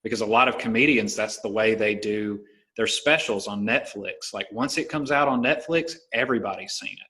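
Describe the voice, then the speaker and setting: A man's voice: lowish voice, normal speed. A man with a Southern American accent, a stand-up comedian hosting a podcast, telling stories in loose casual talk full of "like" and "you know". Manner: relaxed storytelling, many fillers like "like" and "you know". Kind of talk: casual conversation.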